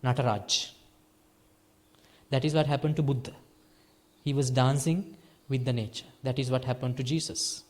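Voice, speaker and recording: A Sri man, a Buddhist monk giving a lively dharma talk to a small group, moving between hushed and emphatic phrasing with playful laughter. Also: mid-range voice, normal speed, pauses often. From Sri Lanka. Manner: lively teaching, swings between soft and emphatic.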